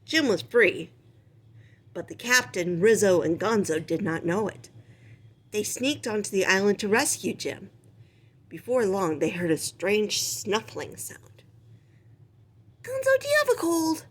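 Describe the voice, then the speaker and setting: A woman reads a children's picture book aloud, telling the story in an expressive, animated way. Her medium-pitched voice moves a little slowly and has a breathy edge.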